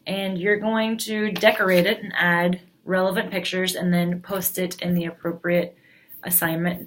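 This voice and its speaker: A woman's voice: mid-range voice, a bit bright, slight background noise. A woman teacher explaining the week's class assignments in a plain, explanatory way with frequent fillers. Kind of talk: recorded class announcement.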